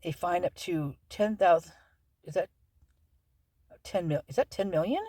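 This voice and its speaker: A woman's voice: on the low side, a little slow, warm tone, no room sound, clean studio sound. A woman hosting a true-crime channel, reading through a legal document aloud in a casual, rambling way with many fillers and self-corrections.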